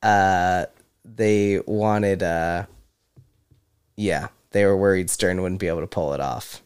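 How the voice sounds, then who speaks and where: A man with a low, smooth, resonant voice, talking casually as a podcast co-host. He shares movie trivia in a relaxed way, chuckling often. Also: slow. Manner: chatty, trivia-sharing, laughs often. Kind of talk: casual chat.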